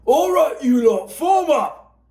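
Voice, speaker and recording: A man voicing a gruff, foul-mouthed army sergeant who bellows orders. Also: very high-pitched, very animated, takes it slowly, dark tone, reverberant, pitched above the performer's own voice, full character voice. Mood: barking orders.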